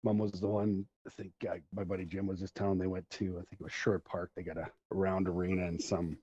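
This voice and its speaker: A man's voice: sits low, little pitch movement, fast, dark tone, slight background noise. A middle-aged man hosting a podcast, telling long rambling stories in casual chat and laughing along the way. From Central Alberta, Canada. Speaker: podcast host. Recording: dull lo-fi recording.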